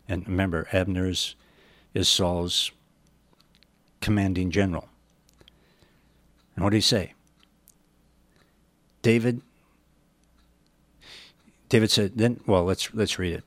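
A man works verse by verse through a Bible passage, reading the scripture slowly before explaining it plainly with folksy asides. His voice is low and steady, with no echo.

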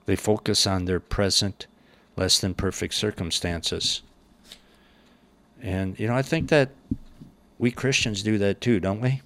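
A man teaching the Bible verse by verse, reading scripture aloud and then commenting on it plainly. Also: on the low side.

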